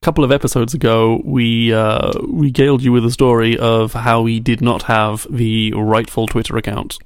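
A man's voice: medium pitch, flat delivery, normal speed, clean tone. A man co-hosting a podcast in casual chat, playful and reading his messages aloud in a mock-dramatic way. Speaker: podcast co-host.

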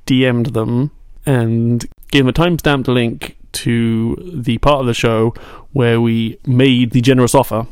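A man's voice: mid-range voice, steady tone, measured pace, few pauses, darkish tone, clear, resonant tone, no room sound, clean studio sound. A man co-hosting a podcast in casual chat, playful and reading his messages aloud in a mock-dramatic way. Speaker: podcast co-host.

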